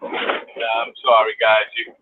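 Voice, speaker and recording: A man's voice: fairly low pitch, monotone, slow. A man chatting casually on a livestream while driving, laughing easily. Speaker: co-host on a livestream. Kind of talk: casual chat. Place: in a moving vehicle. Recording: tinny phone line with faint noise.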